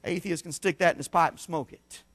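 A middle-aged man preaching a sermon in a church, telling folksy stories and swinging between shouts and hushed asides. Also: a little high, steady tone, a little fast. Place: church sanctuary.

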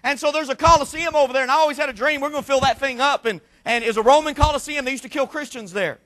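A man preaching a sermon in a strikingly high voice with a bright, forceful edge. He hammers repeated phrases and climbs into shouts. He speaks as a missionary pleading with his church. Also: racing. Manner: impassioned, repetitive preaching cadence with shouted peaks.

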